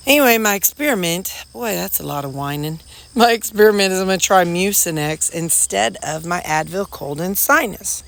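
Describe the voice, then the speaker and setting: A woman's voice: on the low side, animated, moderate pace, vocal fry, fairly bright tone. A woman chatting casually in a folksy, rambling way, with a stuffy, runny nose. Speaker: weight-loss vlogger. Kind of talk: casual chat. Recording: echoey room, faint noise.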